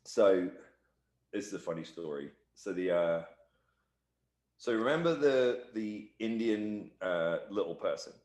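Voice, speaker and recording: A wrestler with a lowish voice, appearing as a guest in a shoot interview, recounts a backstage story in an echoey room. He talks fast and loose, animatedly acting out the people he quotes by slipping into their voices.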